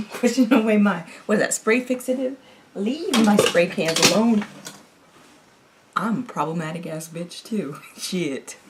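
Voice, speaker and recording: A woman's voice: mid-range voice, measured pace, heavy background noise. A woman vlogger talking casually to herself at home, pleading with her gear and muttering half-whispered asides. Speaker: TV reaction vlogger. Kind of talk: casual chat to herself while setting up. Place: home room by her chair, dog nearby.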